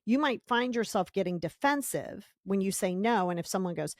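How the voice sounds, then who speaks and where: A woman hosts a self-help podcast with an emphatic delivery. She repeats words for stress and breaks into quick acted-out voices. Her mid-pitched voice sits in a dry, close recording. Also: lively intonation, dry recording. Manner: emphatic, acts out little scenes in quoted voices. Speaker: podcast host.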